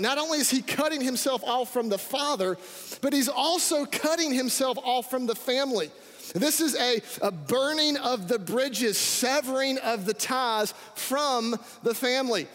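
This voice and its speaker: A man preaching a sermon as pastor, energetic and calling out to his congregation. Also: very high voice, moderate pace. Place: church sanctuary. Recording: reverberant hall.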